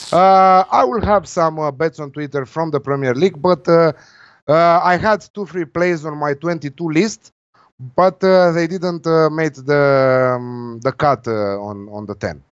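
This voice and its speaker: A man's voice: fairly high pitch, a little slow, smooth, no echo, highs cut off. A man with a Russian accent, a betting tipster speaking hesitantly with many fillers in a casual panel chat.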